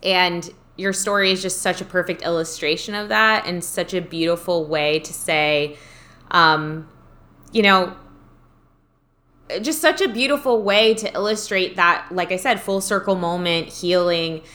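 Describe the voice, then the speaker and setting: A woman's voice: on the low side, measured pace, sharp tone. A woman hosting a podcast, chatting casually and thoughtfully, reading out listener comments with enthusiasm. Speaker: podcast host. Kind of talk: casual chat.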